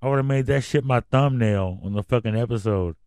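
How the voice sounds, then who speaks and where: A man's voice: mid-range voice, a little fast, darkish tone, clear, resonant tone, dry recording. A man hosting a casual news commentary podcast, reading headlines and then going off on profane, rambling rants. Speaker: podcast host.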